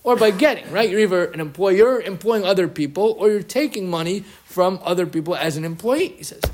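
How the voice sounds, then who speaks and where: Animated high-voiced man teaching Torah. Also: brisk. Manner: animated, quoting Hebrew sources with emphatic rises. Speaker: rabbi teaching a class. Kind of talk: lively Torah lecture. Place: room with an audience.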